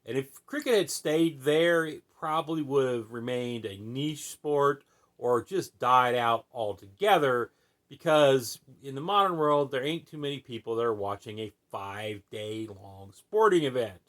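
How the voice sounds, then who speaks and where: A man's voice: mid-range voice, measured pace, a bit bright. An American man hosting a podcast, explaining a sport in a casual, folksy way with many fillers and "right?" asides. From United States. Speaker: podcast host.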